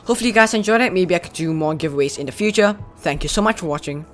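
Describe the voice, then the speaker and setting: A man's voice: high voice, rapid-fire, fairly bright tone, faint music behind. A man hosting his channel, giving casual, enthusiastic reaction commentary while judging a giveaway. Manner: enthusiastic, chatty, praising.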